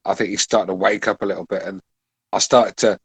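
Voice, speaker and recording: A man's voice: low-pitched, steady tone, a little fast, husky, dry recording. Man, British accent, middle-aged, casual podcast talk, stammers, swears, dry sound. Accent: British English. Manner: stammering restarts, frequent swearing. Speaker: podcast co-host.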